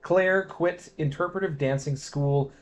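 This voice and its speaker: A man giving a dramatic poetry reading, swinging between quiet musing and loud declamation. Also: fairly high pitch, a little slow, faint music behind. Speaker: poetry reader.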